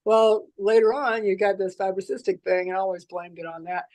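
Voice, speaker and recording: A woman, a psychic reader, chatting casually and telling stories in an animated way, acting out the voices in them. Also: mid-range voice, fairly quick. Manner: animated storyteller who acts out the voices in her stories. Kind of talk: casual conversation.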